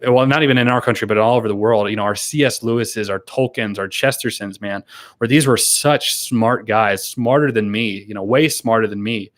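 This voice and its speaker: A man's voice: lowish voice, normal speed. Chatty, rambling male live-streamer. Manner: rambling, laughing, with many fillers and restarts; earnest and grateful when thanking donors. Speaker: YouTuber hosting a live stream. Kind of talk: casual live-stream chat, reading and answering viewer comments.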